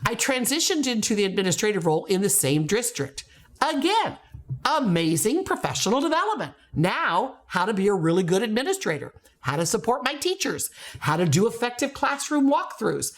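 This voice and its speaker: A middle-aged woman from the United States speaks straight to the viewer about her career. Her pitch swings widely as she leans into key words, earnest and emphatic. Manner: earnest, emphatic storytelling with rising exclamations. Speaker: education company founder, former principal. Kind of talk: personal story to camera.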